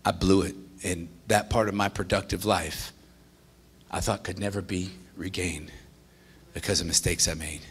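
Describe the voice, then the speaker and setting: A man preaching a sermon as pastor, animated and excited, swinging from loud exclamations to hushed confession and often restarting his phrases. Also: low voice, moderate pace, slightly rough.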